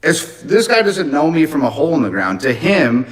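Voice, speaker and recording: A man's voice: a little high, moderate pace, low-quality recording. A man telling a long personal anecdote on a livestream in a casual, rambling way with plenty of swearing. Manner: profane, rambling, animated retelling. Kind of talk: casual storytelling.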